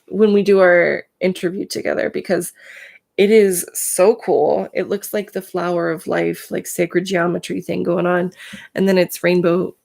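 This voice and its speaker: A woman's voice: on the low side, gravelly, darkish tone. A woman hosting a casual live stream, chatting to viewers by name, full of filler words, and in pain today.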